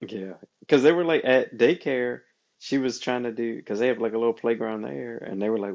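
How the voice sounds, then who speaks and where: A man co-hosting a podcast, telling a story about his daughter in an animated way and laughing often. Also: mid-range voice, fairly quick, creaky, muffled recording. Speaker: podcast co-host. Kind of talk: casual chat.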